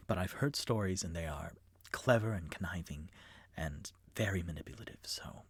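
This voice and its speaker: A man voicing a nervous, careful male elephant-folk bard in a tabletop game, talking in a hushed, stammering whisper. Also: low voice, moderate pace, slightly rough, no echo. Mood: flustered.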